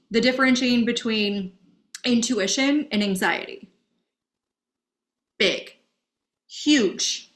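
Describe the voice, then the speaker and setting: Young woman coach talking casually, bright forceful voice, swears a lot, keeps saying okay. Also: a little high. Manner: chatty and candid, swears freely, asks "okay?" often. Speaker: dating and self-help coach.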